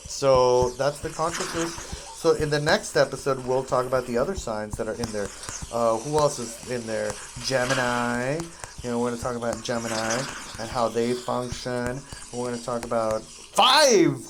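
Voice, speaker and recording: This man streams his gameplay and talks to viewers in a loose, rambling way, hopping between topics and dropping sentences halfway. His voice is in the middle range, with some background noise in the recording.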